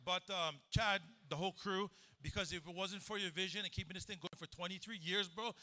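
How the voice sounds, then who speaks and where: A man with a high, very bright voice tells his recovery story to a crowd. He talks in an easy, chatty way and jokes with the audience between serious moments. He speaks into a handheld mic in an event hall. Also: a little fast. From Hawaii. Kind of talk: live testimony speech.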